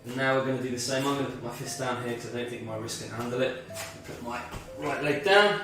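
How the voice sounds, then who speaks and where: A man's voice: mid-range voice, fast, heavy reverb, recorded from a distance. A man leading a guided movement and mindfulness workout as a fitness instructor, slightly out of breath, talking through each move step by step. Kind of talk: guided exercise class.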